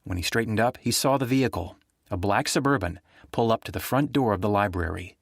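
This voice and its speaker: Steady male audiobook narrator, dry sound. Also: on the low side, brisk, creaky, dry recording. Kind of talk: scripted narration of a thriller.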